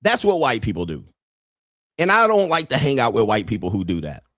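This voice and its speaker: A man's voice: medium pitch, wildly swooping pitch, a little fast, fairly bright tone, no room sound. Blunt profane man ranting, dry sound. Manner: blunt, profane, repetitive, acts out quoted voices. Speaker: show host. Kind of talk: casual rant commentary.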